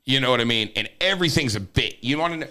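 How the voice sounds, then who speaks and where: Guest comic, male, swinging pitch, laughs through his stories, curses freely. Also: rapid-fire. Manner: animated storyteller, laughs often; swears freely. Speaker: guest comedian. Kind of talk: casual podcast chat.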